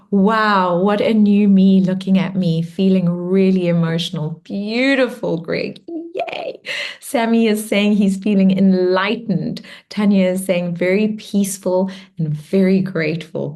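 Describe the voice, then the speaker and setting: Woman running an online meditation circle, slow gentle delivery, lowish voice, reads out the chat. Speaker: meditation and spiritual workshop leader. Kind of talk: guided meditation close and live group check-in.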